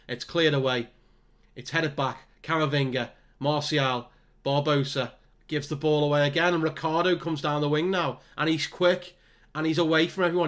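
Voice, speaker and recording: A man giving excitable, exasperated running commentary on a football management game, with his voice starting to go. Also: a little high. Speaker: gaming YouTuber.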